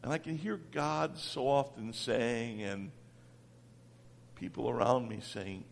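A man preaching a sermon as pastor, swinging from loud calls down to near-whispers. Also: medium pitch, takes it slowly, vocal fry, in a large hall, a little hiss or hum.

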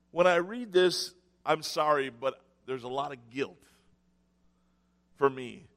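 High-voiced man preaching in a reverberant hall. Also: gravelly. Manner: storytelling with sarcastic mock cheer, dramatic pauses. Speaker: pastor. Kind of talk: sermon. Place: church sanctuary.

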